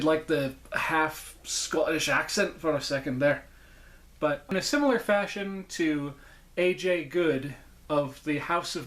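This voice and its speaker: A man's voice: a little high, fairly bright tone. A man hosting a casual unboxing vlog as a puppet collector, enthusiastic and rambling, often correcting himself. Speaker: puppet collector, channel host.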